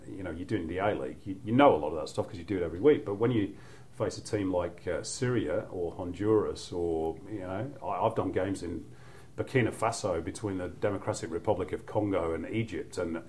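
A middle-aged man with a Mancunian English accent and a fairly low voice talks through stories in a relaxed, rambling way, looping back with "you know" and small restarts. There's a faint hum of background noise under him. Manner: chatty, anecdotal, frequent "you know" and restarts. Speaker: football commentator, guest. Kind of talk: relaxed podcast chat.

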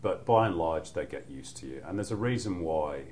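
A man's voice: a bass voice, animated, moderate pace, darkish tone, slight background noise. A middle-aged man with a Mancunian accent, a football commentator chatting as a guest, rambling through anecdotes with lots of "you know" and restarts. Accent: Mancunian English. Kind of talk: relaxed podcast chat.

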